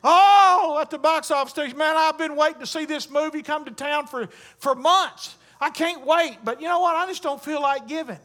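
A man playing an eager male moviegoer at a box office who gushes about a film but won't pay, his voice pitched up above his own. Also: normal speed, hardly any pauses. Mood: gushing. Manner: gushing, then flatly unwilling to pay.

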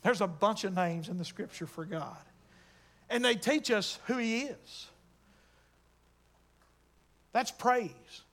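A man preaches in a church sanctuary. His voice sits very high for a man, and he swings from low, quiet asides up to ringing, stretched-out declarations. He addresses the congregation directly and with fervor. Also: expressive, slow pace, long pauses. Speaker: pastor. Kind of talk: sermon.

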